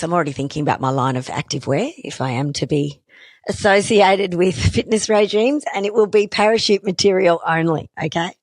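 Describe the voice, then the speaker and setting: A woman's voice: sits low, no room sound, studio quality. A middle-aged Australian woman hosting a podcast, talking alone in a chatty, self-deprecating way with joking asides. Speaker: podcast host. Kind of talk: solo podcast chat.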